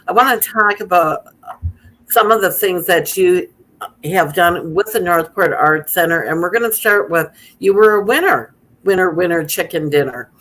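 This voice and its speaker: A woman's voice: on the low side, fairly bright tone, low-quality recording. A woman hosting a community radio interview, upbeat and playful. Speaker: radio host.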